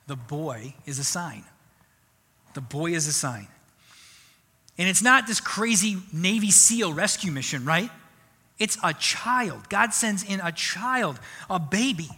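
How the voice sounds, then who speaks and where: A man preaching a sermon in a conversational, animated way. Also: high-pitched, breathy edge. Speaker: pastor. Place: church sanctuary. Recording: long church hall reverb.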